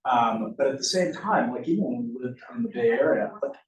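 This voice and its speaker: A man in his fifties in relaxed casual chat. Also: mid-range voice, a little fast, muffled recording. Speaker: workshop attendee. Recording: roomy echo, distant mic.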